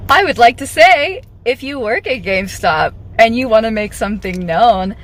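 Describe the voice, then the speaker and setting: A woman's voice: on the high side, animated, normal speed, few pauses. A woman telling a casual storytime to camera about being fired from her retail job, sarcastic and often laughing.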